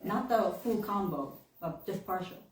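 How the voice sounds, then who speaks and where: A woman's voice: medium pitch, expressive, moderate pace. A woman minister telling a story in a sermon, with a lilt, laughing often and acting out her own reactions. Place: temple hall. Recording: echoey room, mic at a distance.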